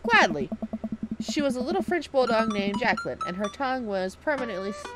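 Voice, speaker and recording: A woman's voice: a little high, animated, fairly quick, loud music behind the voice, natural voice. A woman voicing a playful, sarcastic teenage girl who deflects with jokes. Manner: teasing, deflecting.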